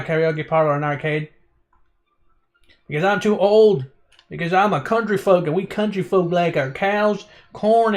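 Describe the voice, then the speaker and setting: A man voicing a weary young countryside student in a put-on rural American country accent, reading game dialogue aloud with an exaggerated drawl. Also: high-pitched. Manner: drawling, exaggerated hick delivery.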